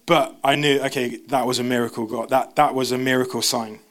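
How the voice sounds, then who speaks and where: A young man, preaching a sermon in a church service as an animated storyteller who jumps into quoted voices. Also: medium pitch, a little fast.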